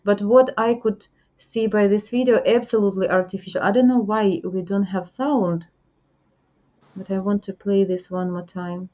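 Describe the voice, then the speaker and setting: Female interviewer, halting and advice-giving, mid-pitched voice on a dull, lo-fi recording. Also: steady tone, warm tone. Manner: halting non-native English, frequent fillers, advising. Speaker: host. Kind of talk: interview about dating scams.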